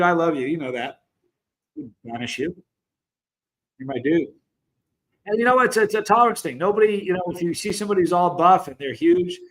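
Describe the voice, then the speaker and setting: A man's voice: on the high side, a bit bright, poor audio. A man in his fifties from the United States, hosting a casual livestream and rambling through stories while greeting viewers by name. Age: 50s. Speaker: host of a chili channel.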